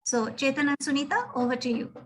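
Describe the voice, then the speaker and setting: A woman hosting a book club on a video call, brisk and quick to correct. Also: high voice, lively intonation, slight background noise. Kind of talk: casual chat and hosting.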